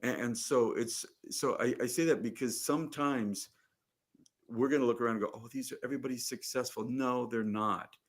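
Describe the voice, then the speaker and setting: A man's voice: medium pitch, normal speed. A man organizing an event, speaking earnestly in a casual chat and repeating words as he goes.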